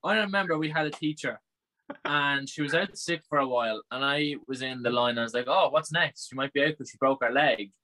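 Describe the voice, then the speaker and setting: A young man with an Irish accent, co-hosting a casual podcast and telling excitable stories. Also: mid-range voice, a little fast. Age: young adult. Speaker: podcast co-host. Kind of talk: casual chat.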